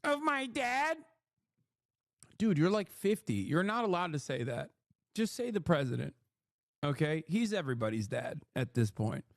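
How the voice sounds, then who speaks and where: A man's voice: a little high, very animated, normal speed, gravelly, dry recording, clean studio sound. A man giving a profane, exasperated live-stream rant, mocking and talking straight to his chat. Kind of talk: ranting live-stream commentary.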